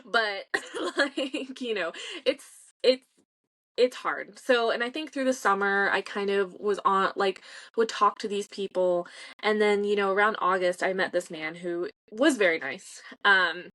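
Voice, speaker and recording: A woman's voice: medium pitch, unhurried, a bit bright. Woman in her thirties, talkative author guest who narrates her own inner dialogue. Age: 30s. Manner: chatty, laughing often, speaking in quoted inner dialogue. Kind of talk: casual remote interview.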